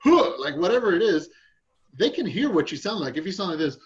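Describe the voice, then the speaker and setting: Male agent, slightly high voice, muffled remote audio, chatty and upbeat. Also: lively intonation, fairly quick. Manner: upbeat, chatty, laughs easily. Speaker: real estate agent. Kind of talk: group training chat.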